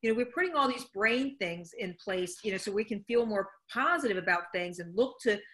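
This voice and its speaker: A woman with a sharp, bright voice hosts an interview over a video call. She chats playfully and jumps in with her own examples. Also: medium pitch, lively intonation, a little fast. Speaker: host.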